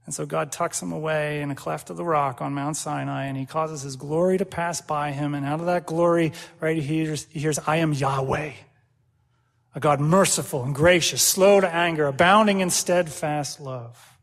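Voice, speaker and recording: Male pastor, animated sermon delivery, high-pitched, long reverb of a big hall. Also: moderate pace, gravelly. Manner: animated, acts out quoted prayers and dialogue, laughs often.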